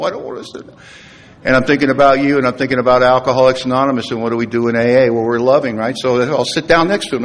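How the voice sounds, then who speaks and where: A middle-aged man stands before a recovery meeting and tells his story earnestly, with a middle-range voice. He drops into hushed, quiet tones at the tender parts. The long reverb of a large hall surrounds his voice. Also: medium pitch. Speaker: AA speaker. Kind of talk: personal recovery talk to an audience.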